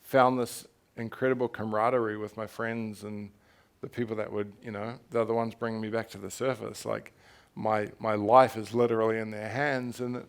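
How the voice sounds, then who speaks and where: His voice is fairly low, clear and resonant, delivered flatly at a normal speed. He's a young author from New Zealand speaking candidly in a live stage conversation at a festival, sharing his story frankly and with animation, plus laughter and an occasional swear word.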